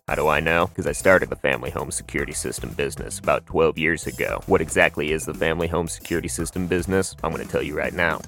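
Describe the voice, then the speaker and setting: A man voicing a crude, boastful male security-company pitchman in a comedic fake radio ad, with a brash, profane sales pitch. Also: fairly bright tone.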